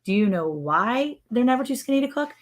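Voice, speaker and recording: A woman's voice: a little high, very animated, a little fast. A woman hosting a casual livestream from her ranch, chatting playfully and joking while reading out viewer comments. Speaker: livestream show host. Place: ranch home.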